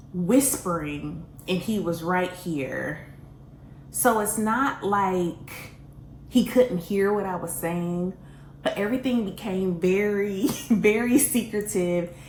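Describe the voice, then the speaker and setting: A woman telling a personal story in a casual storytime vlog, animated and self-mocking, often laughing. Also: mid-range voice, takes it slowly. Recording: roomy echo, faint background hiss.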